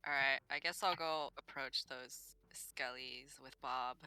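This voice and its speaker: A playful, excitable player in a tabletop role-playing game. They talk very slowly in a bright, sharp voice. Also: medium pitch, smooth, no room sound, low-quality recording.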